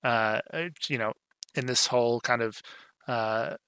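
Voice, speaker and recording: A man's voice: medium pitch, steady tone, unhurried, pushed and bright, smooth, no room sound. A young man casually recapping a film scene, chatty and rambling with lots of fillers and acted-out quotes. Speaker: film discussion co-host.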